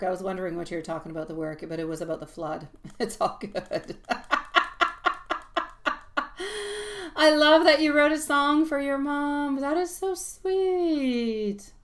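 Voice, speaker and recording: A tarot reader on a live stream offers soothing, reassuring advice, affectionately calling her viewers sweetie. Her voice is mid-range and a little mellow.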